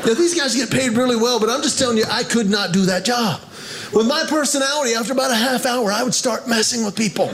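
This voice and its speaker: High-voiced stand-up comic, loud live room. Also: male voice, very noisy. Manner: animated storytelling, jokey asides. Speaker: stand-up comedian. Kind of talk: stand-up comedy. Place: live comedy venue before an audience. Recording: live stage recording, loud ambience.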